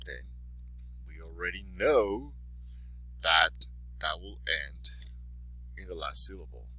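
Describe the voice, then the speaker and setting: Husky, bright-voiced male teacher. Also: lowish voice, no room sound, low-quality recording. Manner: patient, repetitive, says each example word twice. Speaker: Spanish teacher. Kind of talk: recorded classroom lesson.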